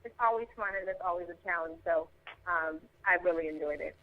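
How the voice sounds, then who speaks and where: A woman's voice: lowish voice, a little fast, no echo. A woman from Chicago, an actress, chatting casually in an interview with many fillers and restarts. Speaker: actress guest. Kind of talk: casual interview over the phone. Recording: tinny phone line.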